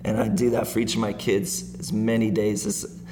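A man's voice: fairly low pitch, level tone, normal speed, a little mellow, slight background noise. A middle-aged man speaking as a guest in a casual interview, earnest and rambling, often laughing as he talks.

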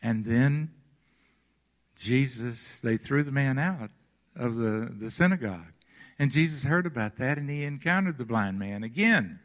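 Slow-preaching pastor in a reverberant hall. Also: male voice, medium pitch, lively intonation, a bit bright. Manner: slow, emphatic storytelling preaching. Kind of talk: sermon.

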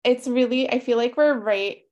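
A woman's voice: on the high side, moderate pace, darkish tone, dull audio. A woman hosting a podcast, talking in an upbeat, hyped, casual way. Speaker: podcast host.

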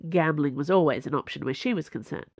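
A woman narrating an audiobook in an even storytelling manner. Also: low voice, fast talker, no room sound. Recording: dull lo-fi dry recording.

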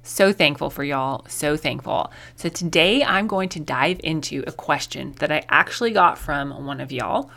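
A woman's voice: low voice, animated, normal speed, creaky, hardly any pauses, sharp tone. A young adult woman hosting her own podcast, talking in a chatty, upbeat, conversational way. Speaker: podcast host. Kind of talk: casual solo podcast talk.

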